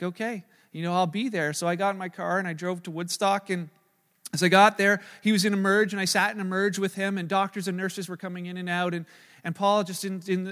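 A man's voice: sits high, a bit bright, smooth, long reverb tail. A man preaching as a pastor, earnestly retelling a hospital conversation, with frequent fillers and restarts. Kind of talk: sermon storytelling.

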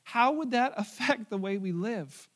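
High-voiced man preaching conversationally. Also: expressive, a little slow. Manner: conversational preaching with asides and humor. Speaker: pastor. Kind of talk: sermon.

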